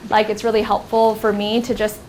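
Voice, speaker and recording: Her medium-pitched voice is monotone, darkish and a little fast as this young American woman runs a workshop class in a university classroom. The lecture style is casual, heavy on ums and likes, and there's slight background noise.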